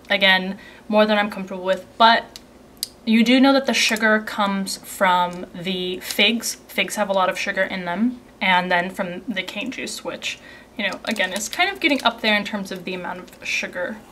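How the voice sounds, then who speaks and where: A young woman with a mid-range voice chats casually through a snack tasting, reading ingredient lists aloud and trailing off into soft asides. She sounds close to the mic, with a faint hiss behind her. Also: medium pitch. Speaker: beauty and subscription box vlogger. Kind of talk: casual unboxing and tasting review.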